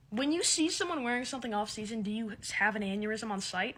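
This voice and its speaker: A young woman doing a sarcastic, exasperated comic monologue to a phone camera, swinging from loud outbursts to mumbled asides. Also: medium pitch, very fast, hardly any pauses, husky. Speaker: comedy TikTok creator.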